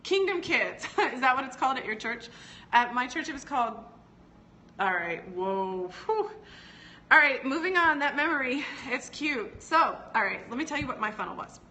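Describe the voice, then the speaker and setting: A bright, forceful voice, sitting a bit high for a woman. She teaches in a loose live-stream chat and keeps drifting off topic. She laughs often and talks straight to her viewers. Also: lively intonation, moderate pace, slight background noise. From United States. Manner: chatty and digressive, often laughing, answers live comments. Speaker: business educator hosting a live stream.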